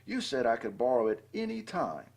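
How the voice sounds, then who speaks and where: A man's voice: mid-range voice, wildly swooping pitch, a little fast, gravelly, a little mellow, heavily acted. A man doing a sorry boy bear cub. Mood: apologetic. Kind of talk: storybook read-aloud.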